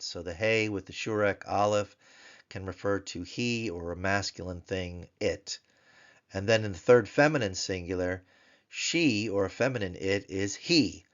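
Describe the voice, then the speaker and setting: A middle-aged man teaching Hebrew grammar in a recorded lecture, slowly repeating each word to drill it and adding wry joking asides. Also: deep voice, muffled recording.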